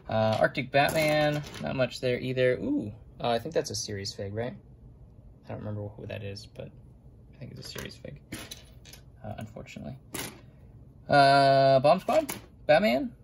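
A man's voice: mid-range voice, creaky, a little hiss or hum. A young adult man, a vlogger, rambling in casual running commentary while sorting toy figures, muttering little asides to himself.

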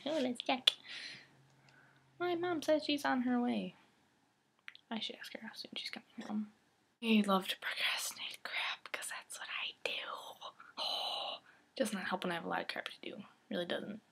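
A woman's voice: a little high, vocal fry, fairly bright tone, breathy edge. A teenage girl vlogging casually to her camera, rambling and giggly, often dropping into a whisper. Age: teens.

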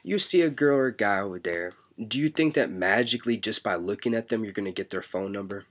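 A man's voice: on the low side, a little fast. Blunt, exasperated man giving advice. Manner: blunt, exasperated, mocks clingy talk. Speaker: vlogger. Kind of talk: casual advice vlog.

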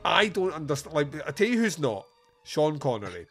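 A man's voice: on the high side, very animated, moderate pace, fairly bright tone, faint music behind. A man hosting a podcast, chatting casually about a film, laughing often and swearing freely. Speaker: podcast host. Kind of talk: casual film review chat.

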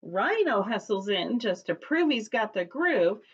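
A woman's voice: mid-range voice, very animated, unhurried, breathy edge, dull audio. A woman preschool teacher reading a picture book aloud to young children, with a cheerful sing-song voice that leads call-and-response chants.

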